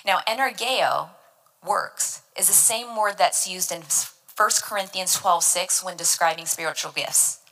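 A woman's voice: on the low side, unhurried, pushed and bright, poor audio. A woman giving devotional Bible teaching, earnest and emphatic, explaining verses word by word.

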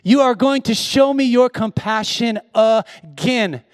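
A pastor preaching a sermon, moving from hushed, tender storytelling to loud, shouted exhortation. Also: male voice, extremely high pitch, slow, no echo, clean studio sound.

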